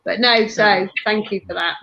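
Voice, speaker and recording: A woman's voice: mid-range voice, fairly even intonation, normal speed, creaky, fairly bright tone, muffled recording. A woman who works as a medium, speaking enthusiastically in casual chat. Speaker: medium and animal communicator. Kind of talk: casual video-call chat.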